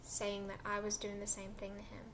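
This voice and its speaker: A woman's voice: mid-range voice, monotone, moderate pace, a bit bright, a little hiss or hum. A young woman casually telling a personal story in a chatty, emotional way with lots of fillers.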